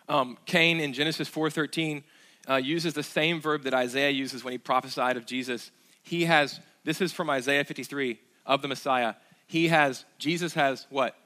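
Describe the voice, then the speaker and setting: A man's voice: mid-range voice, bright, forceful tone. A man preaching a sermon as pastor, earnest, asking the congregation rhetorical questions, with fillers and restarts.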